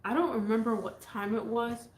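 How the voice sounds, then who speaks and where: A woman's voice: on the high side, fairly even intonation, normal speed, background noise. A woman telling a casual storytime vlog, rambling and repeating herself as she goes, in an echoey room. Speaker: vlogger.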